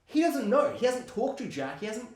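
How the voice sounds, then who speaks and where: A man co-hosting a casual movie chat, animated and laughing often as he acts out scenes. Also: very high-pitched, moderate pace. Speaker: podcast co-host. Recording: roomy echo.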